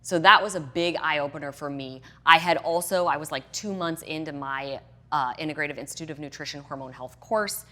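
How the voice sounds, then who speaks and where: A middle-aged fitness and hormone health coach chats as a guest in a casual podcast interview, animatedly acting out her own past reactions. Her low voice is pushed and bright, and she talks briskly with hardly any pauses.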